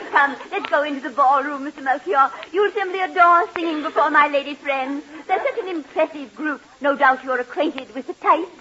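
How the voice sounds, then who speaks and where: An actress playing a fluttery, scatterbrained society hostess in a 1940s radio comedy, gushing and giggly. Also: female voice, high-pitched, moderate pace, hardly any pauses, pushed and bright, slight background noise. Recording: muffled old radio broadcast, studio audience.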